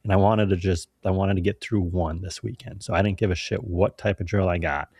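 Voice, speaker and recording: Male host, very deep voice, blunt swearing storyteller, dry sound. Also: steady tone, a little fast, a little mellow, slightly rough, dry recording. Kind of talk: casual podcast conversation.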